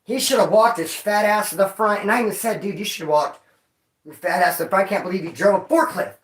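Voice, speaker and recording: A man from Bakersfield, California telling rowdy stories in casual street slang to his viewers, cursing and sometimes yelling. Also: high-pitched, fast talker. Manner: profane, animated street slang, bursts of yelling. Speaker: vlogger. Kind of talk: casual storytelling to a live chat. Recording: echoey room.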